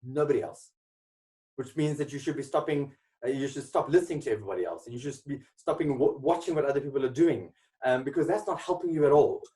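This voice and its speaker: A man's voice: mid-range voice, fast talker, warm tone, far from the mic, poor audio. Emphatic man, off-mic. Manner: emphatic, rhetorical questions. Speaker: motivational speaker. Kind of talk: webinar presentation.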